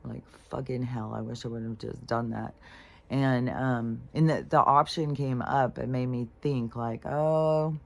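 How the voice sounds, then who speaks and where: A woman's voice: a bass voice, steady tone, a little slow, vocal fry. A woman vlogging about her day, rambling and irritated, swearing freely with lots of fillers. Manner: irritated, frustrated. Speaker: spiritual vlogger. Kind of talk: casual venting monologue.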